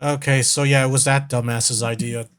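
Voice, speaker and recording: A man's voice: medium pitch, flat delivery, moderate pace, a crowd in the background. A man streaming as a vtuber, chatting casually as he reacts to videos, rambling, laughing and swearing.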